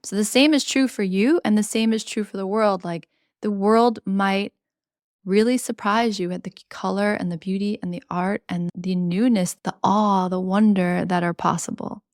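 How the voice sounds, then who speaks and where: A woman's voice: medium pitch, fairly even intonation, moderate pace, no room sound, clean studio sound. A woman hosting a tarot podcast, talking in an earnest, chatty way with slangy asides. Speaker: podcast host reading tarot. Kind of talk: casual spiritual monologue.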